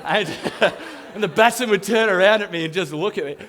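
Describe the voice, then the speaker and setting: Australian male youth leader, a touch high-pitched, animated and self-deprecating, live stage talk. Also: fairly quick. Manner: animated, self-mocking storytelling, chuckling often.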